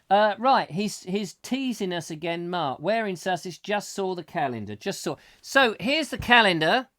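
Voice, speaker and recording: A man's voice: high voice, sing-song, moderate pace, pushed and bright, dry recording, studio quality. Jokey male chat show host. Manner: jokey, rambling, self-mocking. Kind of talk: comic live chat show.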